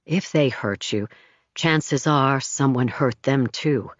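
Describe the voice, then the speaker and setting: A woman voicing a therapist who speaks calmly and in a measured way, on a slightly dull recording. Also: medium pitch, no room sound, voice pushed down.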